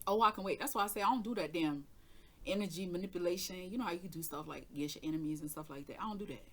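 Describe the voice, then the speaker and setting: A woman telling a story in a casual, animated and profane way, acting out both sides of the dialogue. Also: lowish voice, very fast. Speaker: tarot reader and channel host.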